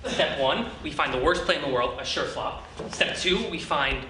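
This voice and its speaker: Actor as a wheedling, scheming producer, lively and swooping, classroom scene. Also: mid-range voice, moderate pace. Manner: blustery, wheedling, bursts into shouting. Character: scheming, blustering male theater producer. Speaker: acting student. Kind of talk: acting-class scene performance. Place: acting class room. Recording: echoey room, far mic, noisy.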